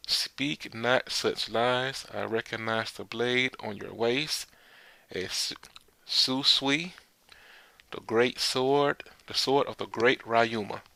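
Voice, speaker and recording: A man's voice: medium pitch, vocal fry, pushed and bright, no room sound, exaggerated voice. A man reading as a stern old-fashioned samurai. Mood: accusing. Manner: slow, formal, old-fashioned phrasing. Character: stern adult male samurai with archaic speech.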